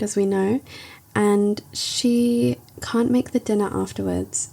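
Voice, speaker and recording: A woman's voice: medium pitch, gravelly, mellow, breathy edge. A woman reviewing a book in a chatty, wry, casual recap. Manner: chatty, wry, recounting with quotes.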